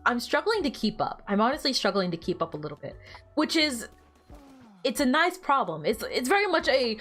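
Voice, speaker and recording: Lively, high-voiced woman streamer. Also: brisk, soft background music. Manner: animated, teasing, laughs often. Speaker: gaming streamer. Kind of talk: casual gameplay livestream chat.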